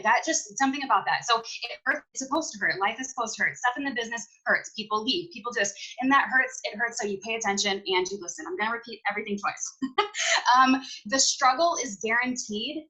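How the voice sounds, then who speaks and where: A woman's voice: medium pitch, bright, forceful tone, poor audio. A young woman on a video call, casually recapping a conference in an emphatic, chatty way, repeating her key points. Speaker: team leader recapping a conference. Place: at home.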